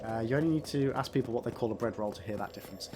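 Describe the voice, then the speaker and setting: A gaming streamer from England with a Midlands accent talks casually to his chat while he plays, reading viewer messages, answering people by name and swearing freely. His voice is medium-pitched and very fast, with a noisy background.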